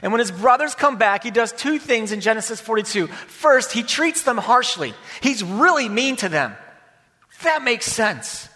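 High-voiced male preacher in a reverberant hall. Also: big pitch swings, moderate pace. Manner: dynamic, swings from loud emphasis to hushed near-whispers. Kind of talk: sermon.

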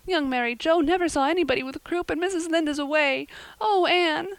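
A woman's voice: high-pitched, a little fast, no room sound, pitched above the performer's own voice. A woman doing a frightened, tearful young girl. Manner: pleading, near tears.

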